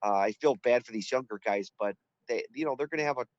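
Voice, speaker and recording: A middle-aged male guest sounds congested from a cold and stumbles through his points, repeating words. His voice sits at an ordinary pitch. The audio is dry and dull, like a cheap stream connection. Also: no echo. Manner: halting, repeats words and fills with "uh". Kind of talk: casual conversation on a live stream.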